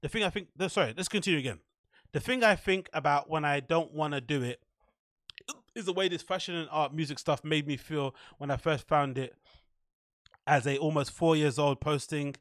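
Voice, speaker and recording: A man's voice: a little high, moderate pace, fairly bright tone, dry recording, clean studio sound. A man hosting a solo podcast, reading posts aloud and mocking them sarcastically while fighting hiccups. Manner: sarcastic, mocking, laughing at what he reads. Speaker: podcast host.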